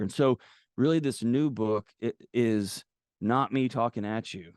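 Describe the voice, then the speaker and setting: A man's voice: on the low side, fairly even intonation, a little slow, a little mellow, no echo. Man telling stories candidly, acts out quotes, dry close mic. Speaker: guest author. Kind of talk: casual conversational storytelling.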